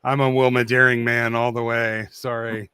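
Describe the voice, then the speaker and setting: A man's voice: mid-range voice, flat delivery, moderate pace, pushed and bright, clear, resonant tone, dry recording. A man co-hosting a casual film review chat, laughing easily and trailing off mid-thought.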